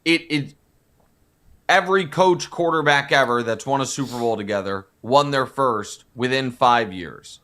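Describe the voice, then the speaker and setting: A man in a sports debate, making his point in a measured, deliberate way. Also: medium pitch, a bit bright. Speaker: sports commentator.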